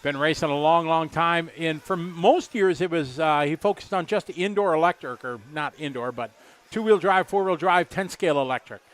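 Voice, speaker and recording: A man's voice: fairly high pitch, moderate pace, hardly any pauses. Chatty man in his fifties commentating. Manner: chatty, rambling, jokey. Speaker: race commentator. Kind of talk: casual live commentary chat.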